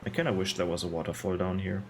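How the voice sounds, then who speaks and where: A man's voice: sits low, level tone, fast, slight background noise. A man giving casual, sarcastic gameplay commentary, rambling and disgusted. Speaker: gaming video host.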